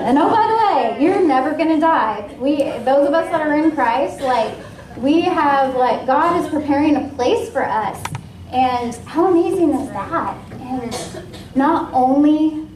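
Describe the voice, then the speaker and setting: A woman from Washington State sharing a personal testimony at a ministry meeting, in a casual, lively way with many fillers. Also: fairly high pitch, recorded from a distance, a little hiss or hum. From Washington State, USA. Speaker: guest speaker at a ministry. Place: ministry meeting room with a live audience. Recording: echoey room, voice from off-mic.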